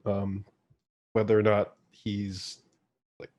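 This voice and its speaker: A man narrating as game master in a tabletop game, in relaxed, halting speech. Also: lowish voice.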